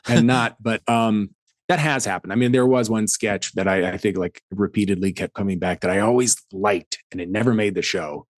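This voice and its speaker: Man, podcast guest, lower voice, hesitant storyteller, dry studio sound. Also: moderate pace, dry recording. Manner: hesitant, restarts, wandering. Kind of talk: casual chat.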